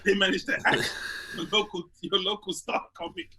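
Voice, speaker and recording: A young comedian co-hosting a podcast, telling animated stories and acting out little scenes as he talks. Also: high-pitched, normal speed, creaky, rough recording. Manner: animated storyteller, acts out little scenes, laughs readily. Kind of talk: casual chat.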